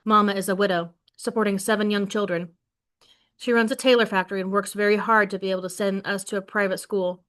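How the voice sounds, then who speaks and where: A woman teacher reading a novel aloud to her class in an expressive way, then setting questions for the class. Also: mid-range voice, fairly quick. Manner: expressive read-aloud, voicing quoted lines with more force.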